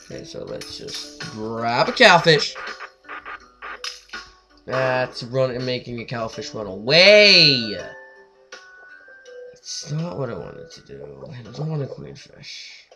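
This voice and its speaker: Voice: mid-range voice, huge pitch swings, slow, vocal fry, long pauses. A gamer giving let's play commentary, talking in a frustrated, dramatic way and scolding the fish in the game. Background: faint game music.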